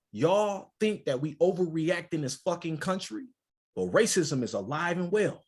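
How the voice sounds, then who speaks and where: Michigan guy on a podcast, kinda husky, higher voice, swears a lot, gets worked up telling stories. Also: normal speed. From Port Huron, Michigan. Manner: profane, animated storytelling. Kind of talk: casual podcast chat.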